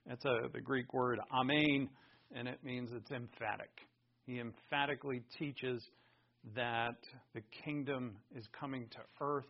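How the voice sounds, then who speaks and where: A male pastor preaching a sermon, emphatic, swinging from loud stresses to hushed words. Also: medium pitch, steady tone, a little slow. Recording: dull lo-fi recording.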